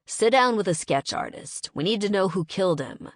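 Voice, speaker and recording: A woman's voice: medium pitch, expressive, moderate pace, no room sound, clean studio sound, natural voice. A woman voicing a terse male government spy boss who speaks in curt, impatient orders in an audiobook. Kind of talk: audiobook character voice.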